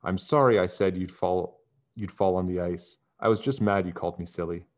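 A man puts on a schoolgirl fortune teller who is melodramatic and quick to grumble. She pushes her lines up high and loud against a deep speaking voice. The recording is dull and lo-fi. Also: close to an everyday voice. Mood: dramatic. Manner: melodramatic, complaining. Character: young schoolgirl fortune teller, dramatic and fed up.

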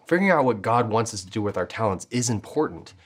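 A man's voice: lowish voice, animated, fast talker, noisy background, natural voice. A man on a children's church show, teaching in an upbeat way. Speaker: show helper.

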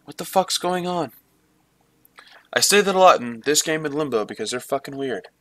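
Man, let's play commentary, swears a lot, talks to himself, sharp bright voice, dry sound. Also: fairly high pitch, lively intonation, normal speed, dry recording. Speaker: gamer.

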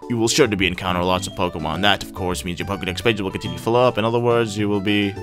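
A man voicing a stern older male professor in a game, reading in a low, subdued voice. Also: fairly even intonation, racing, close to an everyday voice. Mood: lecturing. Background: game music.

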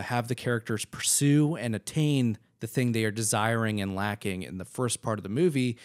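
A man's voice: mid-range voice, darkish tone. A man co-hosting a film commentary podcast, talking through his analysis in a loose, rambling way full of fillers. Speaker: podcast co-host.

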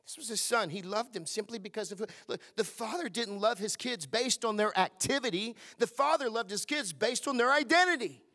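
A middle-aged man preaching a sermon, leading call-and-response and hushing his voice for quoted lines. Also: high voice, lively intonation, fairly quick, hardly any pauses. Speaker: pastor. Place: church service.

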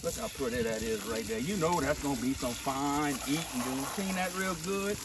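A man with a Louisiana Cajun accent hosting a hands-on how-to demonstration, boisterous and full of slang. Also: moderate pace. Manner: boisterous and slangy, says dude and boom a lot. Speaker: host. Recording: distant mic with loud outdoor noise.

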